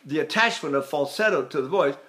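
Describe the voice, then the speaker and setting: Older man, voice teacher, fairly high voice, chatty and self-mocking, sung vowel examples. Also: animated, fast, a bit bright. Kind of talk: spoken vocal lesson with sung demonstrations.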